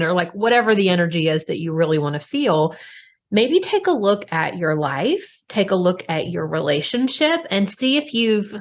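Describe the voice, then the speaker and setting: A woman's voice: mid-range voice, expressive, moderate pace. A woman hosting a podcast, talking frankly and expressively, swearing casually and speaking straight to her listeners. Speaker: podcast host. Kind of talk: candid conversational podcast talk.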